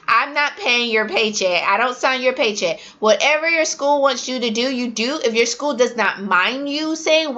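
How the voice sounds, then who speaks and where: A woman's voice: a little high, dull audio. A woman who teaches English to young learners, giving casual advice to new teachers and acting out classroom drills. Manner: animated, acts out classroom drills. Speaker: ESL teacher.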